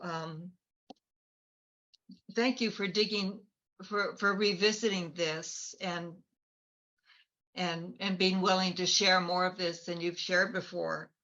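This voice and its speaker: A woman hosting a storytelling event over a video call, speaking haltingly with fillers. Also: lowish voice, fairly even intonation, sharp tone. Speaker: host. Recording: dull lo-fi video call audio.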